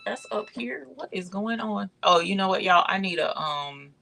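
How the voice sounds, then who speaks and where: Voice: mid-range voice, animated, normal speed, gravelly, sharp tone. An embroidery channel host chatting casually on a livestream, calling viewers y'all and reading out chat comments.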